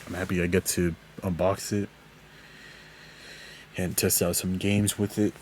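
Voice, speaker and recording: A man's voice: level tone, measured pace, darkish tone, a little hiss or hum. A young man hosting a casual solo podcast, rambling through a story with lots of swearing and laughter, his voice jumping up when he gets exasperated. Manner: rambling, profane, laughs often, voice jumps high when exasperated. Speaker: podcast host.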